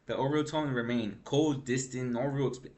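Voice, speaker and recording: A young man talks through gaming news in a loose, frustrated rant, full of slang and swearing. His voice sits in an ordinary middle pitch, and he keeps trailing off and restarting mid-thought. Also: steady tone, moderate pace, darkish tone. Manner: rambling, profane, frustrated, with slang like "bro" and "man".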